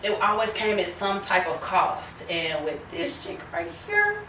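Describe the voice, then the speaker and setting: A woman's voice: mid-range voice, huge pitch swings, a little slow, pushed and bright, roomy sound, recorded from a distance, a little hiss or hum, poor audio. A woman hosting a podcast in casual chat, laughing often and calling her listeners y'all. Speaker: podcast host.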